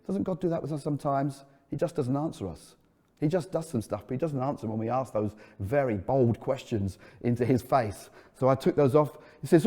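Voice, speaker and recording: Man, pastor, sermon, warm mellow voice, long church-hall echo. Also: medium pitch, expressive, a little fast. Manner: storytelling, dropping to a soft earnest tone. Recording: echoey hall. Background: long hall reverb.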